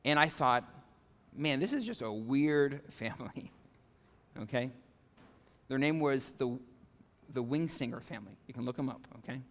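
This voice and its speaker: A male pastor preaching a conversational sermon, animated, with frequent "okay?" and "right?" asides to the congregation. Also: medium pitch, normal speed, pauses often, long reverb tail. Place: church sanctuary.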